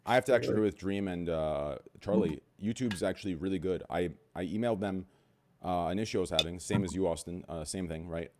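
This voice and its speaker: A man's voice: deep voice, fast talker, a little hiss or hum. A young man hosting a casual group podcast, brash and swearing, telling stories. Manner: brash, swearing, animated storytelling. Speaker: podcast host.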